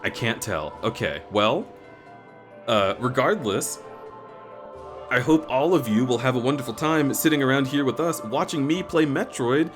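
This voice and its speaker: A man's voice: medium pitch, lively intonation, moderate pace, faint music behind. A man streaming a game live, chatting with viewers and thanking them in an effusive, rambling way with restarts. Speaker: variety streamer. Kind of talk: live-stream chat while gaming.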